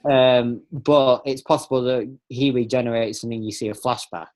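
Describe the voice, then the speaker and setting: A man chatting casually on a fan podcast, tripping over his words and restarting sentences as he gets excited. His pitch sits in an ordinary middle range. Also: normal speed. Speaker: podcast host.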